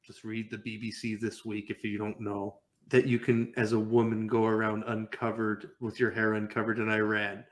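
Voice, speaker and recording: A young man co-hosting a casual podcast panel, ranting in an animated way, swearing and mock-quoting the people he argues against. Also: fairly low pitch, moderate pace, few pauses. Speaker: podcast co-host.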